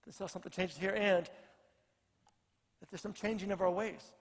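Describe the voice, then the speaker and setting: Man, pastor, earnest sermon, repeats phrases for weight, fairly high voice, long hall echo. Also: steady tone, normal speed.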